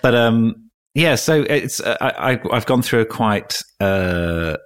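Low-voiced man telling stories. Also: expressive, slow pace. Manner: chatty, self-mocking storytelling with frequent ums and restarts. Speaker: guest. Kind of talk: casual podcast chat.

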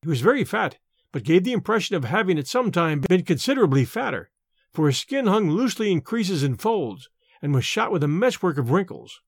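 Male narrator with a high, animated voice; vivid reading, dry recording. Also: brisk, husky, no room sound. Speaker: audiobook narrator. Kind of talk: scripted narration.

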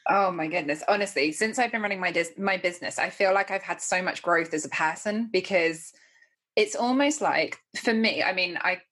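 A woman's voice: lowish voice, moderate pace, a bit bright. A woman hosting a podcast, talking in a thoughtful, reflective way. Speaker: podcast host. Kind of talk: casual podcast conversation.

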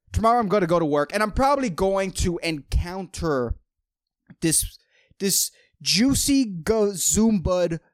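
Late at night and tired, a man hosting a podcast launches into a profane comedic rant, swearing heavily and rambling in exasperation. His voice is a little high with a clean tone, recorded dry in clean studio sound.

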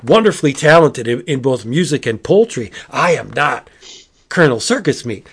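A man voicing a pompous male musical villain, with a high, excited, overacted denial. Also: normal speed, husky. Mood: smug denial.

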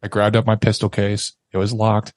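A man's voice: fairly low pitch, completely flat delivery, normal speed, darkish tone, dry recording. A man in his thirties, a podcast guest, telling a harrowing personal story with emotion and acting out the voices of others. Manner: emotional, acts out quoted voices, laughs nervously.

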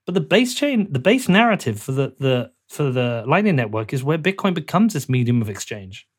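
A man hosting a podcast interview, excited and conversational, swearing casually. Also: medium pitch, normal speed, breathy edge.

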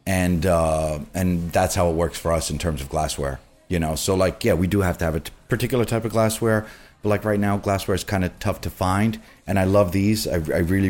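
A deep-voiced man who manages a group of bars and restaurants tells bar stories in a casual, conversational way. He is animated and acts out the people he quotes.

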